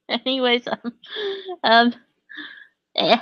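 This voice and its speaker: A woman's voice: medium pitch, clear, resonant tone, no room sound, dull audio. A woman streamer chatting casually, giggly and gushing, a little flustered. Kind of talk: casual live-stream chat.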